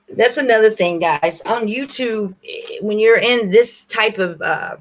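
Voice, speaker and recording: A woman hosting a livestream, rambling warmly and earnestly straight to her viewers in casual chat. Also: medium pitch, a little slow. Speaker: livestream host.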